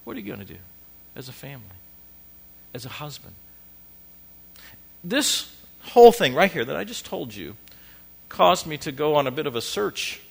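A man's voice: fairly high pitch, very animated, moderate pace, gravelly, long pauses, breathy edge. A middle-aged man preaching a sermon as pastor, emphatic and building in intensity.

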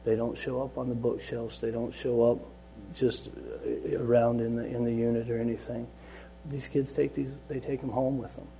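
A man who leads Bible study at a juvenile center, giving an earnest personal testimony that moves between quiet and loud, lively telling. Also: mid-range voice, moderate pace, slight background noise. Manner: earnest storytelling, swings from soft to loud and lively.

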